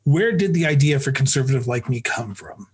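Husky-voiced Canadian man asking questions. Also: medium pitch, lively intonation, fairly quick. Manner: rambling, hesitant questions with fillers. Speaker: interviewer, show host. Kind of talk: conversational interview.

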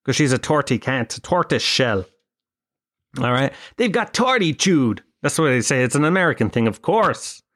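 A man's voice: medium pitch, expressive, moderate pace, fairly bright tone. An Irish man hosting a podcast, telling a rambling comic story full of swearing and self-mockery. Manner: profane, self-mocking storyteller. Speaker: podcast host.

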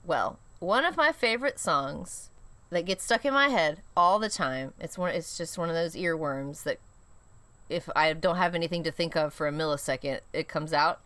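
A woman's voice: sits low, normal speed, a bit bright, dry recording. A woman co-hosting a podcast in a casual chat, playful and giggly, often teasing herself. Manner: playful, giggly, self-mocking. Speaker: podcast co-host.

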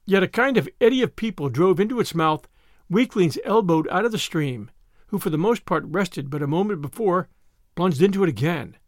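A man reading a novel aloud as scripted narration, with a dramatic delivery that calls out the crowd's shouts. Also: sits high, expressive, moderate pace, no room sound, studio quality. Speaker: audiobook narrator.

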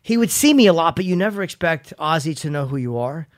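A man's voice: fairly high pitch, expressive, fast, no room sound, clean studio sound. A man hosting a podcast, telling rambling self-mocking stories in casual chat and swearing freely. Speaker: podcast host.

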